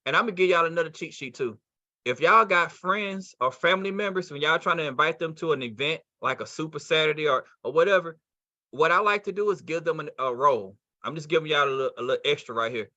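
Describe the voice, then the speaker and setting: Bright-voiced man coaching a sales team. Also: fairly high pitch, a little fast, dry recording, lo-fi sound. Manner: coaching, acts out both sides of calls. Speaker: sales trainer. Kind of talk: live online training call.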